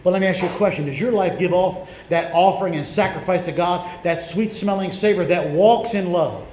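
High-voiced preacher in an echoey church. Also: male voice, fairly quick, a little hiss or hum. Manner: storytelling preacher, repeats words, builds to shouts. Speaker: pastor. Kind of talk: sermon. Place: church sanctuary.

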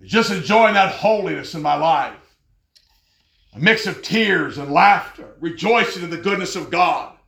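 A man preaching a fervent sermon, telling stories and rising to loud exclamations. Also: high-pitched, expressive, measured pace, vocal fry, roomy sound.

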